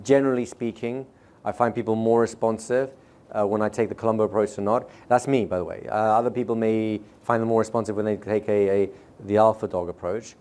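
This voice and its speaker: Brisk, chatty male seminar trainer. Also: on the low side, fairly even intonation, a little mellow, clear, resonant tone. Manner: brisk and conversational, checks in with the audience, slows down sharply to demonstrate. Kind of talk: live teaching to a seminar audience. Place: seminar room with a live audience.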